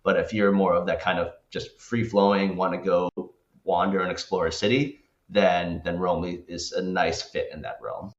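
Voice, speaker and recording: A man's voice: low-pitched, flat delivery, moderate pace. A man guest on a podcast, talking casually and rambling, with many restarts and tag questions. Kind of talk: casual interview talk. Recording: echoey, dull lo-fi sound.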